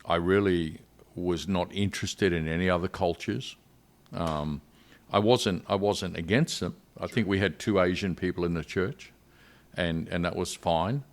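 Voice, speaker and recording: An older man with an Australian accent, a missionary guest telling his story earnestly in a podcast interview. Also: low voice.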